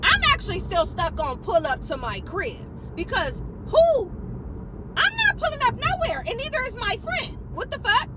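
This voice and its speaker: High, animated woman telling a story. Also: normal speed. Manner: expressive, animated, slang-heavy. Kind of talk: casual storytime. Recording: noisy urban background with traffic.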